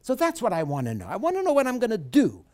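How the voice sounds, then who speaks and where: A woman's voice: fairly high pitch, wildly swooping pitch, quick pace, darkish tone. A woman giving a course lecture, emphatic and repetitive, who acts out questions in the first person. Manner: emphatic, repeats key points.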